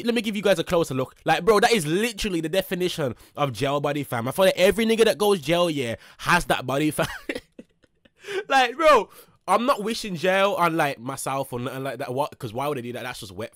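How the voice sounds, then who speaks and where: A young man giving excitable, slang-heavy reaction commentary as a streamer, swinging between loud bursts and mutters. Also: fairly high pitch, fast talker, no room sound, clean studio sound.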